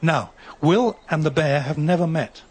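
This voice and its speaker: A novelist talking about the craft of writing in a measured, wry way. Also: male voice, fairly high pitch, husky. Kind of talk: reflective talk on writing.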